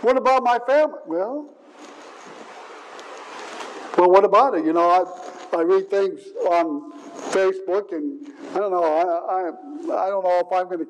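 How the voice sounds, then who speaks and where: High-voiced preacher, slow and earnest. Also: male voice, highs cut off, slight background noise. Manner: earnest, repeats words, rises to emphatic stresses. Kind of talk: sermon.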